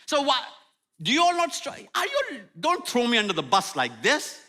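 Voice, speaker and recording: Lively, bright-voiced older male preacher. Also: very high voice, moderate pace. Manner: animated, humorous, acts out prayers and apologies. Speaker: guest preacher. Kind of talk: sermon. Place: church sanctuary.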